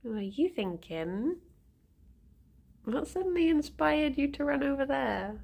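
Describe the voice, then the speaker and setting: A fairly high-voiced woman chats unhurriedly on a relaxed livestream, with a gravelly fry running through her voice. She often slips into soft, cooing baby talk for her pet rabbits. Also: measured pace. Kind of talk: casual livestream chat.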